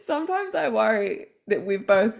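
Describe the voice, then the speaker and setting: A woman's voice: on the high side, very animated, normal speed, vocal fry. A young woman with a New Zealand accent, co-hosting a podcast in cheeky, bantering casual chat. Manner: cheeky, bantering, swears and laughs often. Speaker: podcast co-host.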